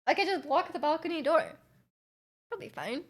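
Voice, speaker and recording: Woman streamer for casual chat, slightly high voice, energetic and loud, lots of fillers, volume that jumps up and down. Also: moderate pace. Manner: chatty, many fillers, reads chat aloud.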